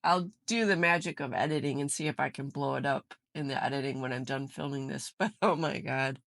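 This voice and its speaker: A woman's voice: extremely low pitch, a little fast, gravelly, fairly bright tone, no room sound, clean studio sound. A woman vlogging from her home craft room, opening a craft swap and bursting into giggles as she talks. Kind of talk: casual unboxing chat.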